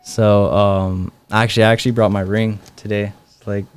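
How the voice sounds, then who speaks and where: A young man with a smooth, clear voice that sits a little low, telling his own stories as a guest in a relaxed interview. He talks loosely, filling gaps with "like" and "um". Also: moderate pace. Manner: relaxed, many fillers like "like" and "um". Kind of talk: casual storytelling interview.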